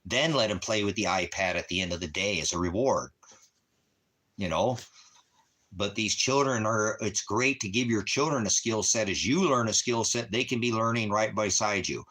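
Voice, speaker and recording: A man's voice: lowish voice, normal speed. Profane, rambling rural livestreamer man. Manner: profane, animated, talks to chat viewers. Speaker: livestream host. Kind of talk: casual rambling livestream monologue. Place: Christmas Valley area, rural.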